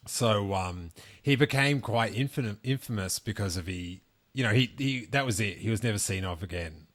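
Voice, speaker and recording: A man with a lowish, slightly bright voice speaks at a normal speed as a podcast host. He chats casually about collectibles, rambling with many restarts and fillers.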